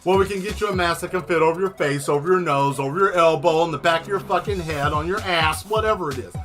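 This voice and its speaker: A man hosting a casual stream, telling a long exasperated story with plenty of swearing and animated asides. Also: on the high side, fast, soft background music. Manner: exasperated, profane, animated retelling. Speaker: host.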